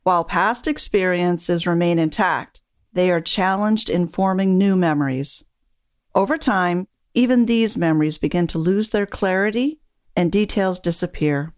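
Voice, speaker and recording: A woman who coaches dementia caregivers, giving a calm, measured scripted narration. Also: lowish voice, no echo, clean studio sound.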